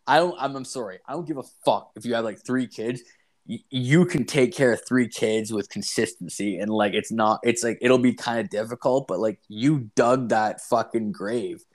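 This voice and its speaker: Profane rambling storyteller, man. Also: mid-range voice. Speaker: podcast host. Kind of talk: casual chat.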